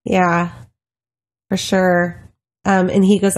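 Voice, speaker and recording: A woman's voice: mid-range voice, fairly even intonation, takes it slowly, darkish tone. A woman co-hosting a casual TV recap podcast, giggling and retelling scenes by quoting lines. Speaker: podcast co-host.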